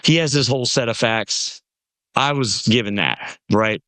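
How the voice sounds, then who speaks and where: A man's voice: mid-range voice, unhurried, dry recording. A man from Nashville, telling a long story as a podcast guest and acting out the people he quotes. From Nashville, USA. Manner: animated storyteller, acts out quoted voices. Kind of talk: casual storytelling conversation.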